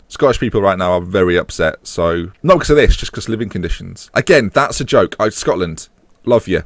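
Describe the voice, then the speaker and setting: A man's voice: low voice, animated, a little fast, no echo. A man commentating on his own football management game, mixing match calls with rambling jokes and asides. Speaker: gaming channel host.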